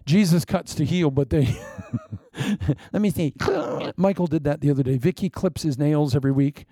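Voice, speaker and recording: A pastor preaching a sermon in an animated style, full of laughing asides and playacted anecdotes. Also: male voice, a little high, moderate pace, no room sound.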